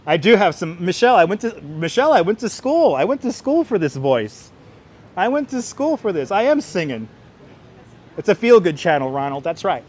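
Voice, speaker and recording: A man hosts a walking livestream on a city park walkway, joking with viewers, thanking them by name and breaking into playful singing. His voice sits high and is sing-song and a little mellow, at a normal speed. He uses a wireless clip-on mic with his phone on a gimbal.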